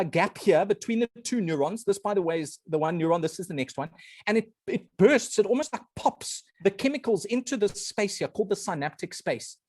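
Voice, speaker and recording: On a video call, a high-voiced man delivers an earnest guest talk, walking through his ideas one step at a time. Animated and prone to apologizing, he gets emotional for a moment. The sound is clean studio audio without echo.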